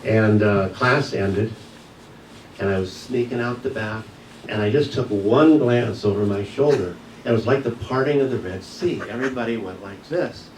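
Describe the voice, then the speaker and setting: A man with a fairly low voice tells a personal story from the pulpit, earnest and reflective. He sounds set back from the mic, with the sound ringing around a large church room. A faint hiss sits under his voice. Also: moderate pace, reverberant, far from the mic, low-quality recording. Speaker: guest speaker at a church service. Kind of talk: personal testimony talk. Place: church sanctuary.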